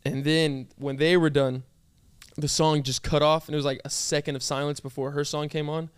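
A man's voice: fairly high pitch, little pitch movement, normal speed, clear, resonant tone, no echo. A young man, a groom, chatting casually and recounting his wedding day with lots of fillers. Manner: chatty storytelling with many fillers. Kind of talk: casual chat.

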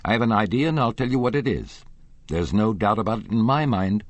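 Guy doing a cranky riding master, pushy and huffy, husky voice. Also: deep voice, very animated, normal speed, dry recording, full character voice. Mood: indignant. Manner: insistent, indignant. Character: irritable middle-aged male head riding master.

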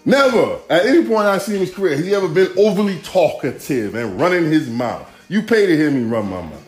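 A man's voice: fairly high pitch, big pitch swings, a little fast. A man hosting a podcast, ranting casually in profane, rambling, rhythmic street talk. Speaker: podcast host. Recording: echoey room, faint music.

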